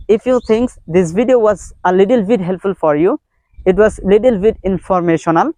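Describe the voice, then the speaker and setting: A man's voice: sits high, a little mellow, no room sound. Earnest man teaching English. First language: Bengali. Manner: earnest, repetitive, simple non-native English phrasing. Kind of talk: informal video lesson.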